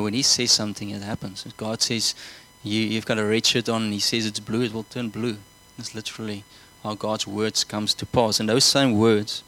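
Low, flat-voiced male preacher. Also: poor audio. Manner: earnest, repeats himself, asks the congregation questions. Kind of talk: sermon.

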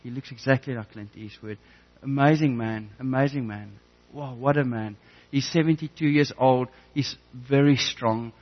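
A man preaches earnestly, weaving a personal story into his message. He often stumbles and repeats words as he restarts his sentences. His pitch sits in the middle, and the recording sounds a little dull. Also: moderate pace, few pauses. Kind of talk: sermon with personal testimony.

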